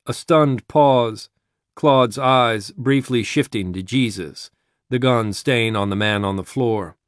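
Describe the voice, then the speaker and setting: Slow, measured male storyteller. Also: medium pitch, no echo, studio quality. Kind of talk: dramatic story reading.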